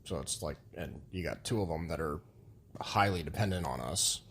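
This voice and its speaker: A man's voice: extremely low pitch, moderate pace, a bit bright, slight background noise. A man, co-hosting a casual podcast, frank and rambling, with some swearing. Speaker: podcast co-host. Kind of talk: casual couple's podcast chat.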